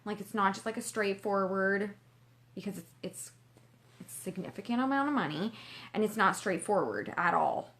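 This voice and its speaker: A woman's voice: mid-range voice, animated, normal speed, a bit bright. A young woman from Canada telling a personal story to her vlog viewers, chatty and gushing, full of "like" fillers. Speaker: vlogger. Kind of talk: casual storytelling.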